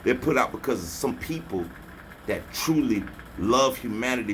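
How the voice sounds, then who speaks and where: A man's voice: medium pitch, expressive, normal speed, a bit bright, slight background noise. A man delivering a preachy motivational rant as a spiritual vlogger, scolding and taunting his listeners with repeated slogans. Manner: repeats slogans, mocking laughter.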